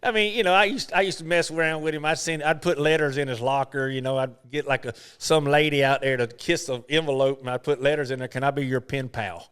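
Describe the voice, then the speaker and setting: Brief: middle-aged golfer, smooth resonant voice, loose rambling storyteller. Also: male voice, on the high side, steady tone, quick pace, hardly any pauses, a bit bright. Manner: folksy, rambling, lots of "you know". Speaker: professional golfer, interview guest. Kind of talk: casual storytelling interview.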